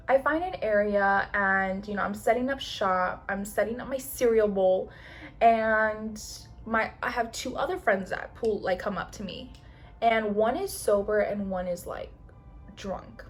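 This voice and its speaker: Animated young woman telling a story. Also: on the high side, moderate pace, soft background music. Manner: animated, swearing, slangy storytelling with voiced impressions. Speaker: beauty vlogger. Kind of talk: get-ready-with-me storytime.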